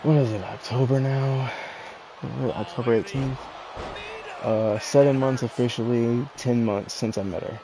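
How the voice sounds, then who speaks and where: A man's voice: mid-range voice, fairly even intonation, measured pace, noisy background. A man chatting casually as he tells a rambling story, acting out both sides of a conversation. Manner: rambling, acts out quoted dialogue. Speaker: online wrestling league player.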